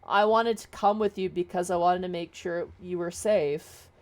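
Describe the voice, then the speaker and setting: A woman voicing a gentle, loyal young man who speaks earnestly and caringly. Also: fairly low pitch, fairly even intonation, normal speed, lightly acted.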